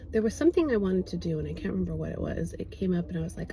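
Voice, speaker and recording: A woman's voice: fairly low pitch, animated, fast talker, few pauses, warm tone, slight background noise, low-quality recording. A woman vlogging in a casual, rambling way, with lots of fillers. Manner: chatty, rambling, many fillers. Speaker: fitness vlogger. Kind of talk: casual vlog chat. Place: outdoors then at home.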